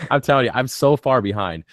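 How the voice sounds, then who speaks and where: A man's voice: mid-range voice, animated, normal speed, no echo, clean studio sound. A man hosting a casual live-stream Q&A about his reef tanks, rambling with lots of ums and casual swearing, talking with a slight lisp from a bitten tongue. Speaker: reef aquarium channel host.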